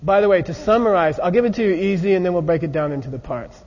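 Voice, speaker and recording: A man teaching a lively philosophy lecture, acting out examples and constantly checking in with his listeners. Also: high-pitched, fast. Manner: animated, often checks in with 'okay?'. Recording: muffled recording in a large echoey hall.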